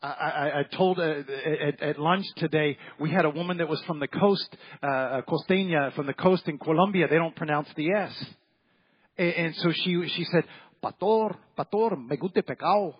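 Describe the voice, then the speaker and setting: A pastor with a slightly high, husky voice gives an evening sermon in a church sanctuary at a moderate pace and with fairly even intonation. His manner is folksy and repetitive, and he often acts out the voices of people in his stories. The highs in the audio are cut off.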